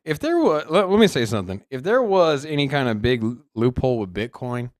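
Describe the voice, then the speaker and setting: A man's voice: mid-range voice, a little fast, no echo, clean studio sound. A man co-hosting a casual crypto news show, talking animatedly with frequent restarts. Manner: animated, restarts often, greets the chat loudly. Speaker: co-host.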